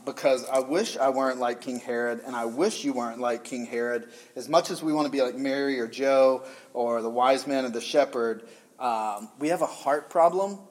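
A man's voice: mid-range voice, darkish tone. A middle-aged man from the American South preaching a conversational sermon and joking with the congregation. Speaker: pastor.

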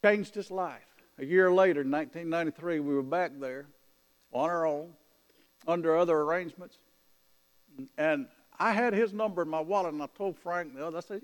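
High-voiced man preaching in an echoing hall. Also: moderate pace, pauses often. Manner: animated anecdotal telling with quoted dialogue. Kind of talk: sermon storytelling. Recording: long hall reverb.

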